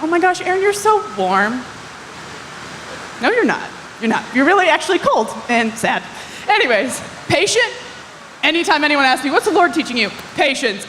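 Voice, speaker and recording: A young woman giving a casual, self-mocking youth sermon, chatty with quick asides and lots of "like". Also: on the high side, fairly bright tone. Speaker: youth ministry speaker. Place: church hall. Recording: long hall reverb, faint ambient noise.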